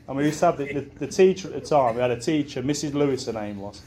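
A young man telling rambling childhood stories in a best man speech, often breaking into laughter and swearing casually. His voice sits at an everyday middle pitch. A faint hum of the reception room is heard behind him. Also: lively intonation, rapid-fire, few pauses. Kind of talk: wedding speech storytelling.

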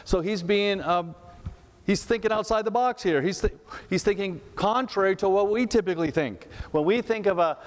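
Pastor preaching in a reverberant church. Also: male voice, high voice, normal speed. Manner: conversational, asks rhetorical questions, repeats words. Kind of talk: sermon. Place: church sanctuary.

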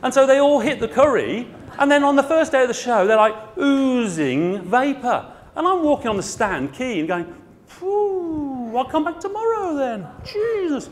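A man's voice: very high-pitched, expressive, moderate pace, few pauses, slight background noise. A middle-aged man, a garden centre owner, giving a blunt, comic conference talk in an exhibition hall. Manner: blunt, comic, puts on voices.

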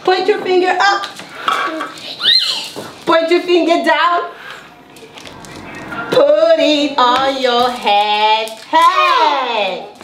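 A woman teaching a young child with a slow, sing-song and encouraging manner, full of praise. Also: high voice, a bit bright, echoey room, a little hiss or hum.

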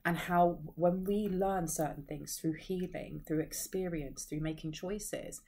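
Woman, tarot reader and medium, lower register, meandering delivery with sighs, reading to camera. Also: steady tone, unhurried, vocal fry, a little mellow. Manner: rambling, searches for words, frequent sighs. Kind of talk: intuitive tarot reading to viewers.

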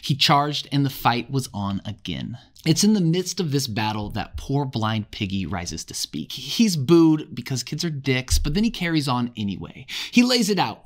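A man's voice: medium pitch, very animated, normal speed. A man giving a casual chapter summary of a novel, mixing dramatic readings with wry, jokey asides. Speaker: literature explainer.

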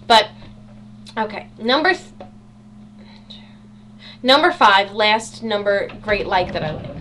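Teen girl rambling on her webcam vlog, kinda high voice, sarcastic and goofy, faint hum behind. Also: normal speed, pauses often, fairly bright tone. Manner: bubbly, sarcastic, self-mocking. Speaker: vlogger. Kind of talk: casual chatty vlog. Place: home bedroom.

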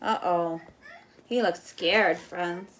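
Gentle teacher reading to children. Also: female voice, mid-range voice, animated, measured pace, a little hiss or hum. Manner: gentle, coaxing, asks listeners questions. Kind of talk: children's story time reading.

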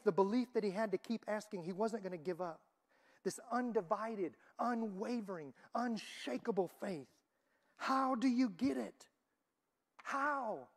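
A woman preaching a church sermon in a voice of middle pitch. She builds some lines to loud, emphatic peaks and drops others almost to a hush. Her delivery is dynamic and insistent.

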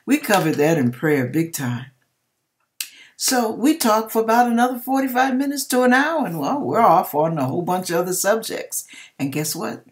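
A woman giving a personal faith testimony, telling her story in an emphatic, expressive way with churchy exclamations. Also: medium pitch, normal speed. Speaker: hairdresser sharing a personal testimony.

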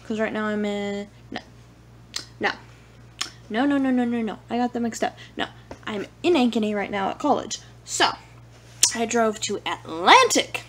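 Brief: young woman vlogger, slow and rambling, a little high-pitched, playful diary chat. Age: young adult. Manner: rambling and playful, lots of "like" and "y'all". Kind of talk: casual vlog diary.

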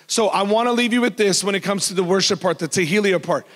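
A man preaches in a loud, animated voice that sits high for a man. He jokes freely with his congregation. The voice rings with the long reverb of a church hall. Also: fast talker, hardly any pauses. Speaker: pastor. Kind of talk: sermon.

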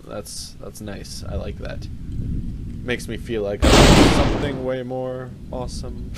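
A man's voice: mid-range voice, lively intonation, normal speed. A man hosting a casual let's-play of a horror game, jumpy and self-mocking, swearing often. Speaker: YouTube gameplay host. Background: horror game music.

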